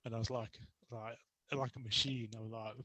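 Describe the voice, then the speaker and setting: A man's voice: fairly low pitch, flat delivery, a little fast, bright, forceful tone, dry recording, low-quality recording. A young adult man chatting as a podcast guest, telling casual stories and laughing often. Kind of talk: casual interview chat.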